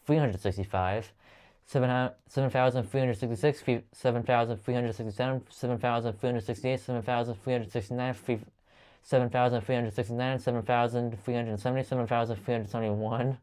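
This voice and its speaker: A man's voice: medium pitch, smooth. A man counting aloud at length, stumbling and restarting often as he goes. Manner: rapid steady counting with frequent stumbles and restarts. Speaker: channel host counting aloud. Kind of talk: long monotone counting video.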